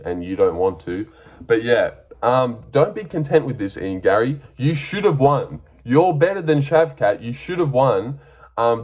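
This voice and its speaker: A man's voice: mid-range voice, a little mellow. A young Australian man giving a casual, blunt and profane breakdown of fights, sarcastic and full of ums. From Western Australia. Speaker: MMA fight reviewer.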